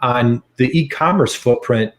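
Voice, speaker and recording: A man's voice: medium pitch, a little slow, echoey room. An American man of around fifty, a podcast guest, talking enthusiastically and repeating key figures for emphasis. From United States. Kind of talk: podcast interview.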